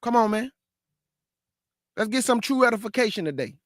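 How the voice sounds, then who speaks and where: A man with a very high voice hosts an informal scripture lesson. He talks in a slangy, conversational way and poses rhetorical questions to his listeners. The recording is dry, with no room sound. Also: animated, normal speed, dry recording. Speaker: host and Bible teacher.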